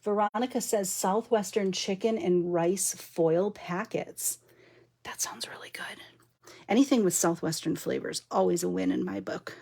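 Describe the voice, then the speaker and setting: A woman's voice: medium pitch, normal speed, creaky, hardly any pauses, mellow. A chatty, giggly woman talking to her viewers while she works on a papercraft project during a live stream. She says she is overtired and punchy. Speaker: papercraft demonstrator. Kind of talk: live-stream crafting chat.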